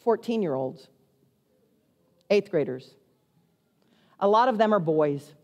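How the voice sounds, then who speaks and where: A middle-aged woman pastor tells a story from the pulpit, animated and poking fun at herself. Her pitch sits in the middle, and her voice carries a long reverb from the church around her. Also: slow pace, highs cut off. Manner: animated, self-mocking storyteller. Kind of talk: storytelling sermon. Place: church sanctuary.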